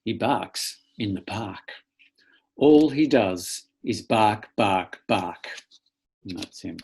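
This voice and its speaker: Man reading a children's book aloud, slow and playful. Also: fairly low pitch, animated, gravelly, breathy edge. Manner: playful, theatrical reading with loud barks. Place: at home, online video link.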